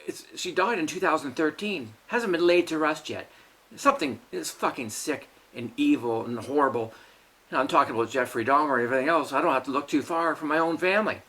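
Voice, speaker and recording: A man's voice: on the high side, fairly quick, fairly bright tone. Bitter ranting middle-aged man. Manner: bitter, ranting, heavy swearing. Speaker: vlog host. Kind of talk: angry personal monologue.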